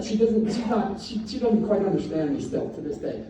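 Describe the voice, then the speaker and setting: A man on a convention panel telling blunt, animated stories to a live audience, sometimes acting out his own shouting. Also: high-pitched, normal speed, few pauses, crowd noise. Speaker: comics creator speaking on a convention panel. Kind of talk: anecdotal storytelling to a live audience. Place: large convention hall panel. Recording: echoey hall, distant from mic, faint noise.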